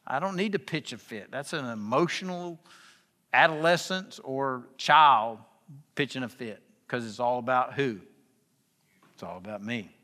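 Bright-voiced man preaching in a reverberant hall. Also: mid-range voice, a little slow. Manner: confessional, rhetorical questions to the audience. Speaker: guest speaker at a men's gathering. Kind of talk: informal preaching talk. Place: event hall with tables.

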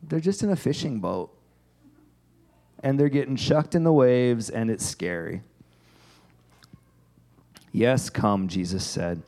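Man, pastor, casual sermon, animated, chatty, mid-range voice. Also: medium pitch, a little slow, vocal fry, pauses often. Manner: animated, chatty, acts out the story.

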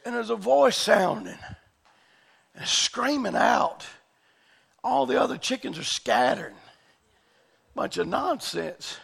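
A man preaching a sermon, swinging between fervent shouting and sudden quiet stretches. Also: sits high, lively intonation, slow, vocal fry, pauses often, breathy edge.

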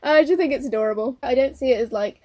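A woman's voice: high-pitched, fast, a little mellow. A young woman with a British accent in a casual film review chat, talking enthusiastically.

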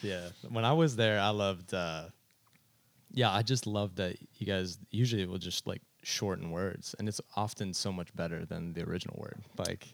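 A man's voice: low-pitched, fairly even intonation, normal speed, creaky, dry recording. A man hosting a podcast, chatting casually and asking questions with enthusiasm. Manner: enthusiastic, short affirming replies, asks questions. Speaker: podcast host. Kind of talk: casual interview chat.

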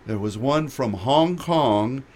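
A man hosting a radio show, telling a lively travel anecdote with laughter. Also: medium pitch, slow. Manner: animated anecdote with frequent laughter. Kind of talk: storytelling chat.

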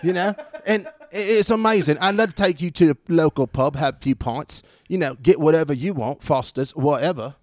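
A man's voice: on the high side, a little fast, hardly any pauses, a little mellow, no room sound, lightly acted. A man playing a chummy pub bloke. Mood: jovial.

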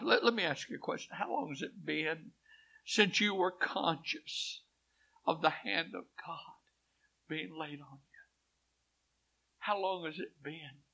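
A man preaching a sermon. He tells a story and swings from hushed quotes to loud swells. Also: a little high, unhurried, creaky, slightly rough. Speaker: pastor. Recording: dull lo-fi church recording.

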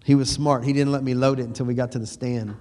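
Folksy preacher with a slight Texas twang. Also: male voice, medium pitch, little pitch movement, dark tone. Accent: East Texas. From Texas, USA. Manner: folksy, repeats words, slows and swells on scripture. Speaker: pastor. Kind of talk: sermon.

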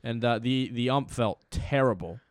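Young dude on a sports podcast, chatty, lots of you knows, clean dry voice. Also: male voice, medium pitch, moderate pace, smooth, no room sound. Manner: chatty, many fillers and restarts. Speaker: podcast co-host. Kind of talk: casual sports chat.

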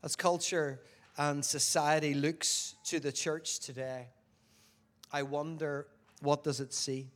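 A man preaching a sermon who keeps asking the audience questions and moves between loud emphasis and quiet, reflective stretches. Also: on the high side, little pitch movement, slow.

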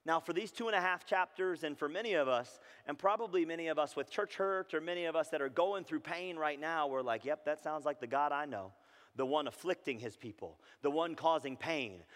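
A man preaches to his congregation in a reverberant church hall, his voice swelling loud and impassioned at scripture, then sinking low and hushed. His voice sits at an ordinary middle pitch, with a long reverb tail trailing behind. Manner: swings from loud impassioned reading to soft near-whispered intimacy. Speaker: pastor. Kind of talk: sermon.

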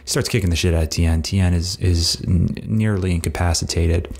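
A man's voice: low-pitched, fairly even intonation, normal speed, a little mellow. A young man casually retelling a cartoon plot in a crude, rambling comic way, full of "like" fillers. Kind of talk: casual comedic recap.

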